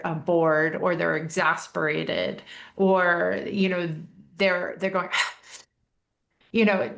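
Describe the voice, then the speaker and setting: A woman's voice: lowish voice, vocal fry, fairly bright tone. A woman life coach hosting an easygoing talk about communication, acting out short quoted voices as she explains. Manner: acts out quoted voices, restarts often. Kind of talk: casual educational chat.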